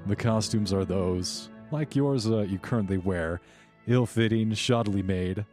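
A man with a low voice narrates a tabletop game as its game master, setting scenes at an even pace. Soft music plays behind him. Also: measured pace.

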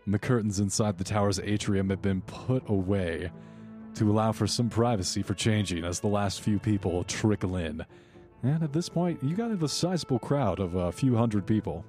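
A man with a low voice narrates a tabletop game as its game master, setting scenes at an even pace. Soft music plays behind him. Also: moderate pace.

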